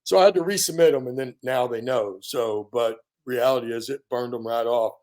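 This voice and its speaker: An American man in his fifties, a veteran guest on an interview, telling a story in a casual, animated way and filling pauses with ums and you-knows. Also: medium pitch. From United States. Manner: animated storyteller, acts out quoted dialogue, frequent fillers.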